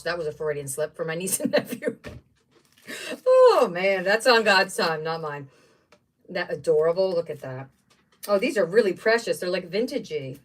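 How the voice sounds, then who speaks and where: A woman hosting a casual craft livestream, chatting and exclaiming over each item she unboxes. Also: lowish voice. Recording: voice somewhat distant from the mic.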